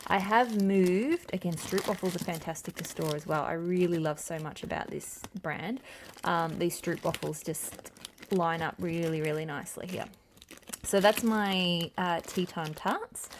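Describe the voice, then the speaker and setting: Chatty Australian woman, somewhat low voice. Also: measured pace. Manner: rambling and chatty, with many ums and restarts. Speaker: wax melt collector showing her stash. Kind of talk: casual chatty tour. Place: home with noises around. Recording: noisy home recording.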